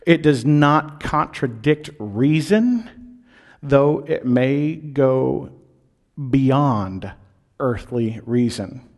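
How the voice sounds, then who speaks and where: A man preaching a sermon in a conversational way, with fillers and restarts, slowing down on key phrases and rising for emphasis. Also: medium pitch, expressive, darkish tone.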